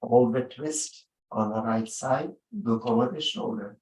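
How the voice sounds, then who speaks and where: A man guides a yoga session in an unhurried, soothing way, leaving long gaps between his short cues. His voice sits in a middle pitch and sounds set back from the microphone, in a roomy space with a clear echo. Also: recorded from a distance. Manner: gentle, unhurried spoken cues with long pauses. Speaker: yoga instructor.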